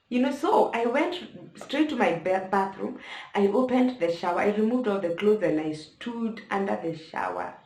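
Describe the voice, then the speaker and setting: In an echoey room, a young woman with a Kenyan accent speaks to camera about something personal, addressing her viewers with emotion. Her medium-pitched voice is expressive and a little mellow, at a moderate pace.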